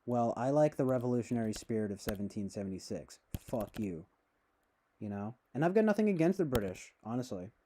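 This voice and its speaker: Man streamer, mid-pitched voice, sarcastic rambling chat with lots of swearing. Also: big pitch swings, brisk, dark tone, slight background noise. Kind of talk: casual rambling chat to viewers.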